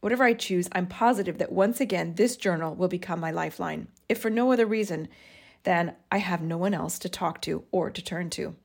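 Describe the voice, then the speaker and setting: A woman's voice: on the low side, a little fast, creaky, darkish tone, slightly rough. Woman reading her old journal. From United States. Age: 40s. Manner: earnest, self-mocking, laughs at her younger self. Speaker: podcast host. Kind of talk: reading old journal entries aloud with commentary.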